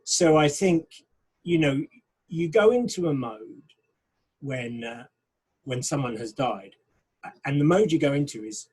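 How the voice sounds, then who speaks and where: A man with a slightly high, husky voice, speaking as a pastor in a relaxed discussion. He is thoughtful and frank, and grows animated when he mimics the people he meets. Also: unhurried, low-quality recording. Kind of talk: casual discussion.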